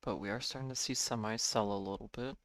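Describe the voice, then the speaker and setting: A man giving live day-trading commentary, measured and thinking aloud, correcting himself now and then, a bit tired. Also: lowish voice, steady tone, no echo.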